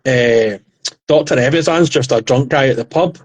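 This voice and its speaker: A man in his thirties, a podcast co-host, retelling comedy skits in a rambling, animated casual chat. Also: mid-range voice, moderate pace.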